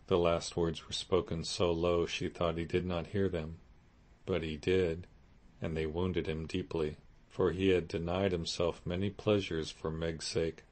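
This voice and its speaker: A man narrating a classic novel as an audiobook in a steady, measured way. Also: deep voice. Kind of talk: scripted narration.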